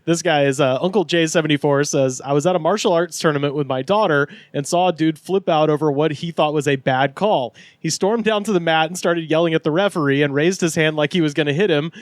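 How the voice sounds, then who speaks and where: A man's voice: fairly high pitch, fairly quick, hardly any pauses, dry recording. Giggly man reading listener stories. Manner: laughs often, crude. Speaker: podcast co-host. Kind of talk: casual podcast chat, reading listener stories.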